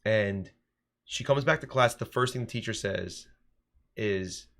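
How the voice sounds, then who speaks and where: A man in his thirties with a fairly low voice talks through a casual podcast discussion as a teacher. He tells stories in an animated way and often restarts his sentences. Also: a little slow. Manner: animated storytelling, frequent restarts.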